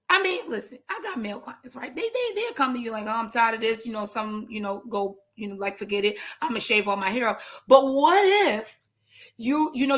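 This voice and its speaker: A woman in her thirties talks casually to fellow trichologists, her voice sitting a touch high. She is animated and slangy, wanders off into jokes and asides, then comes back to her point. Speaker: trichologist giving business advice. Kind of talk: casual educational talk.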